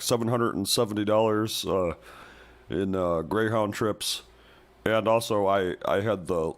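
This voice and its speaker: A man's voice: lowish voice, voice pushed up. A man voicing a crude, grumpy male bullfrog caller who rambles and complains in a comedy call-in bit.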